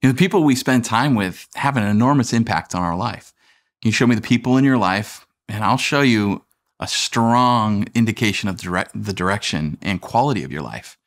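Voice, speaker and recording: A man's voice: lowish voice, normal speed. A man in his thirties preaching a sermon as pastor, talking conversationally with fillers and asides.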